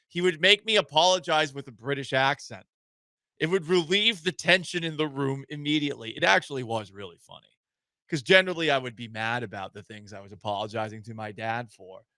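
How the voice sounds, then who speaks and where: A male sports radio host ranting with sarcasm and indignation, jumping between loud outbursts and quiet muttered asides. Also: a little high, no echo. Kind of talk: sports talk radio rant.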